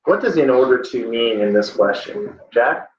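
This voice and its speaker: A man's voice: mid-range voice, very animated, normal speed. A male teacher leading a classroom test-prep lesson, questioning students and prompting them by name. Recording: echoey, dull classroom recording with faint noise.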